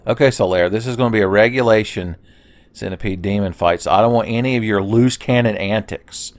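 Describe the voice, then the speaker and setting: This let's play host has a lowish voice and speaks fairly quickly. His gameplay commentary is relaxed and rambling, packed with jokes and swearing, and he often wanders into chatty asides.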